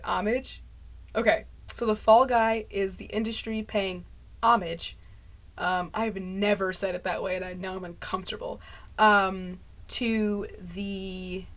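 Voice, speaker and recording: A vlogging woman talks casually to the camera, letting her thoughts spill out and chuckling at herself. Her mid-range voice keeps a fairly even intonation at an unhurried pace, and the microphone is close to clipping.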